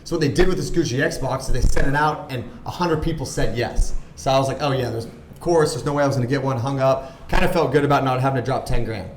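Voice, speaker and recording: A man in his thirties telling a story on a podcast as a guest, animated and full of "like", acting out the voices of people he quotes. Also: mid-range voice, fast talker, echoey room, a little hiss or hum. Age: 30s. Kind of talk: casual storytelling chat.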